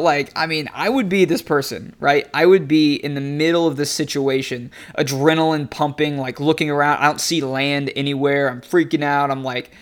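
Animated, chatty young-sounding male preacher. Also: a little high, moderate pace, hardly any pauses, smooth. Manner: animated, conversational, laughing often. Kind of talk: casual devotional teaching.

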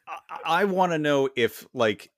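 A man's voice: a little high, expressive, unhurried, no room sound, studio quality. A man co-hosting a podcast in casual chat, stumbling and repeating words and laughing often. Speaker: podcast co-host.

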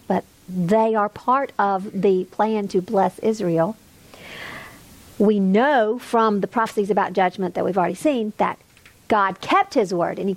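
A middle-aged woman teaching a Bible study class, with emphatic, lively stresses. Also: mid-range voice, creaky, no echo.

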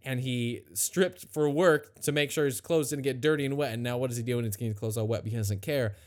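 A man teaching a Bible passage in a casual, conversational way, retelling the story with lively asides. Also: medium pitch, fast talker. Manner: conversational, animated retelling with acted quotes. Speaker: pastor.

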